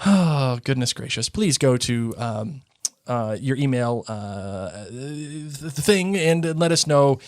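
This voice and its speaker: A man's voice: medium pitch, expressive, slow, dry recording, clean studio sound. A man co-hosting a podcast in casual chat, enthusiastic and rambling with many restarts. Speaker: podcast co-host.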